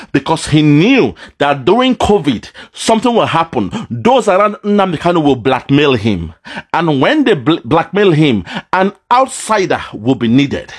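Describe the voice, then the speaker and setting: A man giving an impassioned commentary, swinging between loud outbursts and low, mournful asides. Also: slightly rough. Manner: dramatic, swings between shouting and low lament. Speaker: political commentator. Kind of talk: impassioned monologue.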